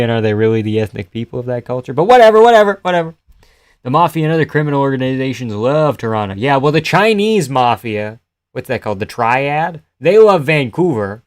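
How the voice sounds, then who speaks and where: A man hosting a live fight-reaction stream, chatting loosely and profanely with his viewers and often trailing off quietly. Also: medium pitch, clear, resonant tone, dry recording, studio quality. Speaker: live-stream host reading chat.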